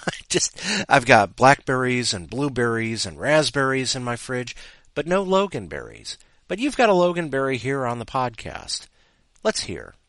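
A man with a mid-range, fairly bright voice, recorded without echo, hosts a comedic podcast. He rambles and mocks himself while reading listener stories.

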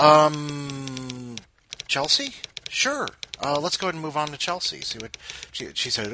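Rambling, animated podcast host, noisy room. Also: male voice, mid-range voice. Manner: rambling, joking, lots of fillers and asides. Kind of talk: casual chat.

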